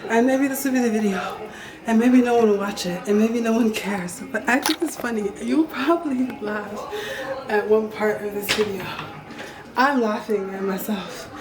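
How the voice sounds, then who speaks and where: A woman's voice: fairly high pitch, moderate pace, crowd noise. A young woman vlogging as she walks down a street, rambling and chatty, telling stories with self-mocking asides into a handheld camera. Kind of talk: casual walking vlog chat. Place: outdoors walking down a city street. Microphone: handheld camera held while walking. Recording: street ambience clearly behind.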